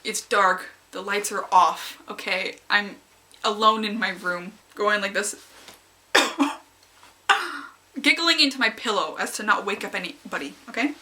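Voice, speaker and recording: A young woman giving a casual, rambling review of a story she loved, excitable and giggly, jumping into high squeals when she acts out her own reactions. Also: a little slow. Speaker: fanfic reviewer.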